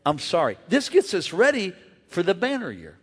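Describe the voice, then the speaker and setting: A male pastor preaching an animated sermon, rousing his listeners to answer back and acting out voices as he goes. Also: high voice, normal speed, slightly rough. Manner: animated, call-and-response, acts out voices. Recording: echoey hall.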